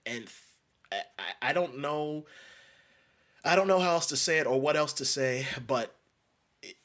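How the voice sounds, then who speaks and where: A man's voice: fairly high pitch, expressive, a little slow, fairly bright tone. A man from New York delivering an emphatic ranting monologue, repeating and restarting phrases. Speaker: commentator.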